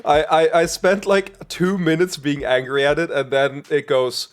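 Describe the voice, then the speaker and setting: A man's voice: fairly high pitch, steady tone, a little slow. A man streaming a video game, chatting casually, swearing a lot and reading game text aloud.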